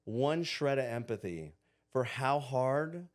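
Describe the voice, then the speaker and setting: A man's voice: medium pitch, animated, slow pace. Frank, swearing man. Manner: frank, profane, laughs at his own past. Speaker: podcast guest. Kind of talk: candid conversational storytelling.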